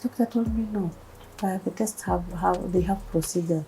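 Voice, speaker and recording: A woman's voice: on the low side, normal speed, gravelly, husky, low-quality recording. A woman in her thirties with a Kenyan accent, a guest telling her personal story in an interview and acting out what others said. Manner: animated storytelling, acting out quoted voices.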